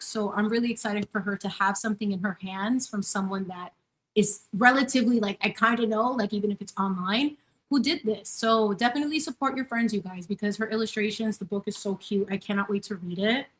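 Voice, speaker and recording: A woman in her thirties with a slightly high voice chats casually while she bakes at home. She is effusive and gushing, greeting her viewers warmly by name. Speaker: channel host. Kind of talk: casual live-stream chat while baking. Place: home kitchen.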